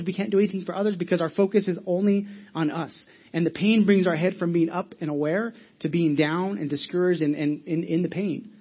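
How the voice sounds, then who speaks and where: A man's voice: high-pitched, breathy edge, highs cut off. A male pastor preaching a sermon in a conversational way, telling stories with lots of restarts. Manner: conversational, animated storytelling with frequent restarts.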